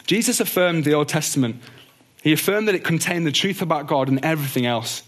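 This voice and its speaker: A man teaching a Bible lesson in an earnest, gentle way. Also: on the high side, fairly quick. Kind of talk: teaching talk on doctrine.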